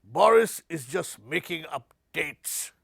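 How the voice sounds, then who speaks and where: Gravelly-voiced dry comic guest. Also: male voice, a little high, animated, takes it slowly, fairly bright tone, no room sound. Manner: dry one-liners. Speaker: comic guest playing an English lord.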